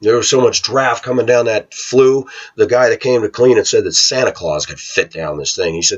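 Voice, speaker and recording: Male vlogger, low husky voice, lively storytelling, dull lo-fi sound. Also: normal speed, few pauses. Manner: animated retelling, acting out voices. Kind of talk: casual storytelling monologue. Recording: dull lo-fi home recording.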